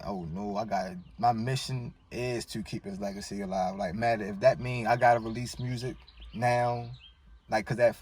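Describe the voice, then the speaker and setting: A man's voice: on the low side, slightly rough. Baltimore man telling a grieving story. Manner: emotional, slangy, rambling retelling. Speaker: guest. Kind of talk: personal storytelling in casual chat. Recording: distant mic with faint noise.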